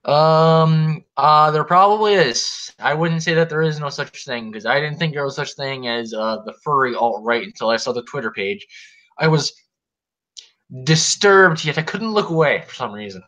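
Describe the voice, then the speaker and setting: A man's voice: on the high side, moderate pace, pushed and bright, low-quality recording. A man hosting a casual podcast chat, opinionated and blunt with jokey banter. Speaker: host.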